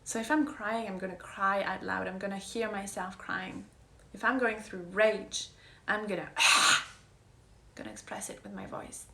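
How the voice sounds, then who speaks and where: A woman's voice: medium pitch, animated, normal speed, vocal fry, hardly any pauses, a bit bright, roomy sound. A woman coach talking earnestly in a casual heartfelt monologue, pressing her points and sometimes sinking to a whisper. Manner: earnest, emphatic, drops to whispers. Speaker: wellness coach.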